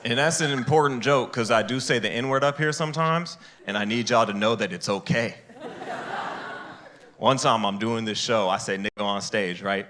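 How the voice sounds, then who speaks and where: A stand-up comedian performs a set onstage at a comedy club in front of a live audience, talking into a handheld mic at normal speed. He's animated, jumping into high, squeaky voices for the people in his stories.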